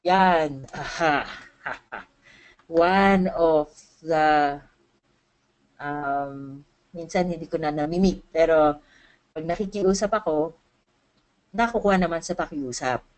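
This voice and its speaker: A young woman with a Filipino accent speaks in a slightly low voice. She talks casually and chattily, with frequent fillers and easy laughter, as she shares tips from her freelance work in a webinar. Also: slow, long pauses, a little mellow, rough recording. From Philippines. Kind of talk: casual talk mixing Tagalog and English.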